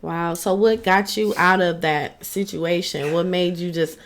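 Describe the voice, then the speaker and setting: A woman's voice: fairly low pitch, steady tone, measured pace. A woman hosting a podcast interview, giving short reactions and asking follow-up questions. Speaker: podcast host. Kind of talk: casual interview. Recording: crowd noise behind.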